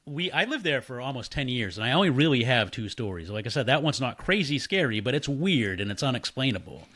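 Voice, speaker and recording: A man casually telling a story, animated and swearing freely while he acts out the voices of the people in it. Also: medium pitch, a little fast. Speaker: podcast guest.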